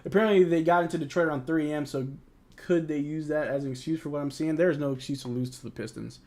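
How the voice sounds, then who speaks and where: A young American man hosts a live game watch-along, reading chat questions aloud and reacting to plays like a frustrated fan with casual, slangy banter. His voice is fairly high and a little mellow, with a steady tone and a quick pace.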